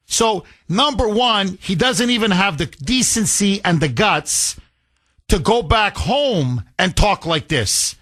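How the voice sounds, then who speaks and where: A man's voice: high voice, pushed and bright, no echo. A man hosting a political talk radio show, delivering combative, sarcastic commentary straight into a studio mic. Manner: combative, sarcastic, rapid-fire.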